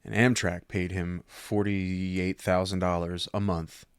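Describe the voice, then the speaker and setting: A man spins rough-edged car lot stories in a relaxed podcast chat. His voice sits a bit low, recorded close and dry with no room sound. He swears freely and slips into his customers' voices. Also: takes it slowly, no room sound. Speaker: former car salesman, podcast guest. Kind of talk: casual storytelling chat.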